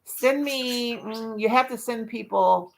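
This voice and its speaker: A woman's voice: a little high, slow, gravelly, slight background noise. A woman chatting casually on her livestream, folksy and talkative, breaking into baby talk to her dog now and then. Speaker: livestream vlogger.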